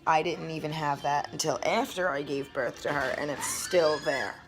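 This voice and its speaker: A young woman with a low voice tells a personal story on her vlog. She talks casually, acts out what people said and swears freely. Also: normal speed, over music. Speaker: vlogger.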